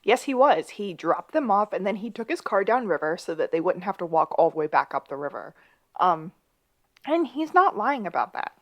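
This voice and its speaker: A woman co-hosting a podcast, recapping a TV episode in relaxed, chatty talk with dry asides. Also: medium pitch, moderate pace. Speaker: podcast co-host. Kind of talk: casual chat recapping a TV episode.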